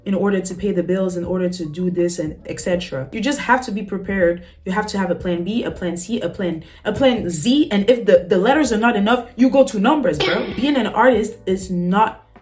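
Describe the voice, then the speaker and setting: A woman's voice: mid-range voice, fairly quick, darkish tone, soft background music. Playful woman reacting to a clip. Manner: playful, laughs often, teasing asides. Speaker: reaction channel host. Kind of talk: casual commentary to camera.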